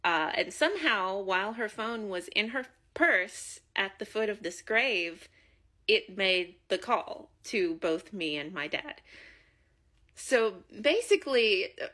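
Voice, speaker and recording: A woman tells a story in a casual, halting way. She speaks very slowly and her voice is bright and clear. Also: mid-range voice, expressive.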